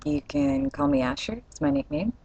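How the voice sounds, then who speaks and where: A woman's voice: low-pitched, big pitch swings, normal speed, vocal fry, warm tone, breathy edge, no room sound, muffled recording. A young woman from Atlanta, Georgia, with a light Atlanta accent, chatting candidly and casually on a webcam vlog. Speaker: vlogger.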